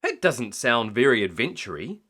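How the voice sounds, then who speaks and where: A man voicing an excitable little girl piglet in a storybook reading, squealing and gleeful. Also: medium pitch, moderate pace.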